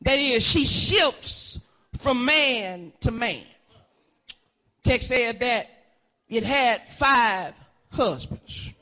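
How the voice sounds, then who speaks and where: High, bright-voiced preacher man. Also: expressive, drawn-out words, pauses often. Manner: preaching with call-and-response, rising into shouted, sung phrases. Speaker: pastor. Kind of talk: sermon.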